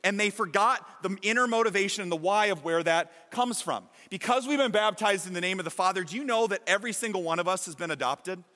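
A man delivers an emphatic, energetic sermon to his congregation. His voice sits high and sounds bright and forceful. The large church hall adds a long reverb tail. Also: quick pace, hardly any pauses. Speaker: pastor.

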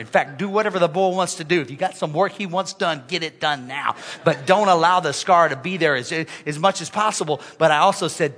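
A man preaching a sermon as pastor, animated and joking, calling on the congregation to respond. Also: a little high.

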